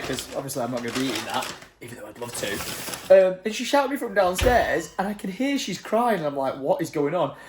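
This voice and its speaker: A man, chatting casually to camera in a jokey vlog. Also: noisy background. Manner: chatty and jokey, lively swings in pitch. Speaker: vlogger.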